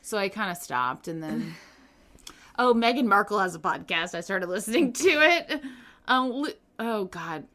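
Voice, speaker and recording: A woman's voice: mid-range voice, expressive, unhurried, bright, forceful tone. A woman co-hosting a podcast in casual chat, giggly, rambling and self-mocking. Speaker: podcast co-host.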